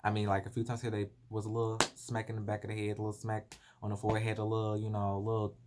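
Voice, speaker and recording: Young man with a low voice, confiding. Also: completely flat delivery, fast talker, heavy background noise. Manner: emotional, rambling, apologetic. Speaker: vlogger. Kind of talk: personal storytelling to camera.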